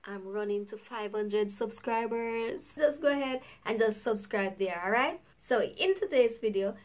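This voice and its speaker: A woman's voice: on the high side, expressive, measured pace. A woman with a Jamaican accent, hosting her own vlog in an upbeat, chatty way and laughing often. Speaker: YouTuber host. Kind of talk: casual vlog chat.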